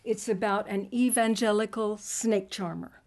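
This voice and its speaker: Hesitant slow-speaking woman poet. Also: mid-range voice, fairly even intonation, darkish tone. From Texas, US. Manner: hesitant, many ums and pauses. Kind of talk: introducing a poem at a reading.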